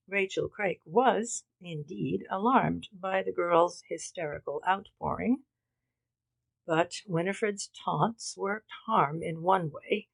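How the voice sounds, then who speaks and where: Slow gravelly woman narrator. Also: on the low side, dry recording, low-quality recording. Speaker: audiobook narrator. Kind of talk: scripted narration.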